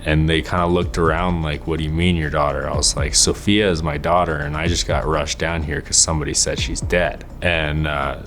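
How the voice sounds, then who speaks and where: A young man recounting a painful memory in a documentary interview, halting and stumbling over his words. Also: extremely low pitch, little pitch movement, a bit bright. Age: young adult. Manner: halting, with restarts and fillers. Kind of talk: emotional personal recollection. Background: faint music.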